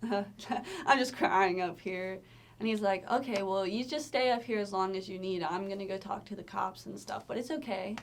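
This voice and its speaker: A young woman from Tennessee who works at a movie theater, chatting in a casual interview and retelling events in an animated way with many filler words. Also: mid-range voice, brisk, vocal fry, few pauses.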